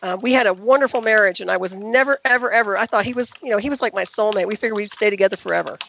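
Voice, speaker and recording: A woman's voice: mid-range voice, rapid-fire, creaky, fairly bright tone, slight background noise. A woman guest on a call-in radio interview, telling her story in an emphatic, indignant way. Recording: dull, dry lo-fi recording.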